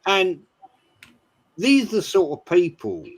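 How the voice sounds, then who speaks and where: A man hosting a football call-in show, giving measured but blunt opinions. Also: high voice, wildly swooping pitch. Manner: measured, blunt, dismissive of critics.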